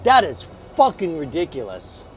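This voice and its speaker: A man with a high, lively voice narrates his gameplay live, cursing freely as things go wrong. His talk swoops up into sharp outbursts and back down. Game music plays clearly behind him. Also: measured pace. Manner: swears often, exasperated outbursts. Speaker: streamer.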